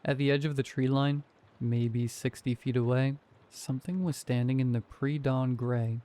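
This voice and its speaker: A man reading a horror story aloud as scripted narration, in a calm, measured way. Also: medium pitch.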